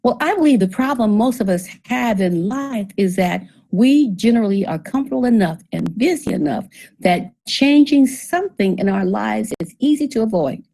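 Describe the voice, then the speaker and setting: A woman's voice: a little high, animated, normal speed, gravelly, warm tone, low-quality recording. A woman giving a seminar presentation on debt, working through figures step by step, asking the audience questions and putting a dry sarcastic edge on some of her points. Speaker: financial presenter.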